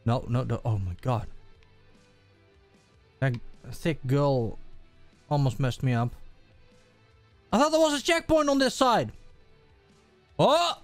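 A man talking over his gameplay, his pitch leaping all over between low mutters and high yelps. He drags his words out slowly and swears at the game. It sounds dry and close, with faint game music behind him. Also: smooth, no echo. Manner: excitable, swears and yells at the game. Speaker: gaming video host. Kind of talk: casual gameplay commentary.

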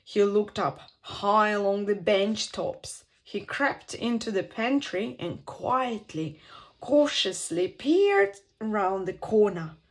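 A woman reads aloud from a children's picture book during storytime in a medium-pitched voice, lilting and expressive, pausing dramatically for effect.

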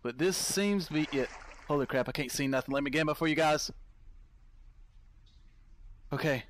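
A man's voice: a little high, moderate pace, long pauses, a little hiss or hum. A man giving casual let's-play commentary, chatting to his viewers and easily startled into yelps and laughs. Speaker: gameplay commentator.

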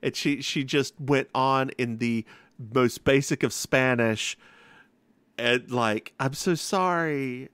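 Male podcast co-host, mid-pitched and expressive, dry close-miked sound. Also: slow pace, clear, resonant tone, no echo. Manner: animated, acts out quotes, sassy. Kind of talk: casual chat, storytelling.

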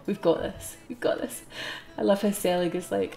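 A young Scottish woman streaming a game live, chatty and excitable and laughing often as she talks to her viewers. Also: mid-range voice, moderate pace, gravelly, soft background music.

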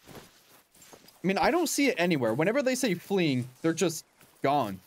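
A man's voice: fairly high pitch, sing-song, a little slow. A young man giving casual, chatty commentary while playing a hunting game, laughing often and talking to his in-game dog. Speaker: gaming channel host.

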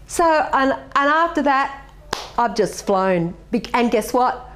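A woman's voice: high-pitched, a little slow. A middle-aged woman, a martial arts master giving earnest, reflective interview answers and telling stories with animation.

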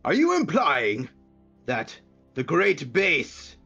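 A man puts on a towering, boastful male adventurer for a tabletop game. He speaks high and loud in slow, grand, theatrical phrases, over a dull, lo-fi recording. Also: wildly swooping pitch, gravelly, slightly rough, faint music behind, exaggerated voice. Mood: pompous. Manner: grand, drawn-out theatrical delivery. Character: pompous huge male swamp adventurer, boastful.

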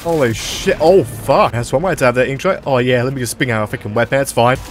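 A man doing let's-play commentary as a gaming YouTuber, excitable and sarcastic, swearing often. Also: mid-range voice, quick pace, background noise.

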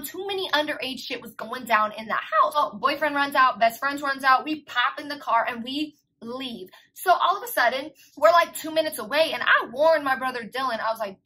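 Bright, high-voiced young woman storyteller. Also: a little fast, few pauses, low-quality recording. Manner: animated, slangy and profane. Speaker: vlogger. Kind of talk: casual storytime.

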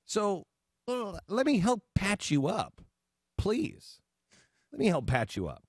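A man hosting a talk show, speaking in a sarcastic, animated way into a studio mic. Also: sits high, slow pace, husky, dry recording. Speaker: host. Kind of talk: talk radio commentary.

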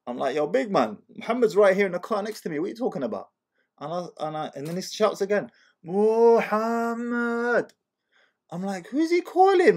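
A man from Algeria hosting, who talks in casual commentary, asks rhetorical questions and acts out quotes as an animated storyteller. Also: medium pitch. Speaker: host.

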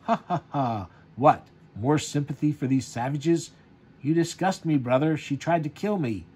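A man's voice: on the high side, unhurried, darkish tone, slightly rough. A man reading out the lines of a cruel, boastful young male Viking warrior from a comic, in a sneering tone. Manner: sneering, mocking, read aloud from a comic.

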